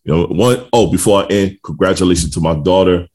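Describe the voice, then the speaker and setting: A man's voice: sits low, brisk, darkish tone. A man in his forties co-hosting a podcast, chatting casually in a laid-back, rambling way with lots of fillers and easy laughter. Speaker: podcast co-host. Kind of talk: casual chat.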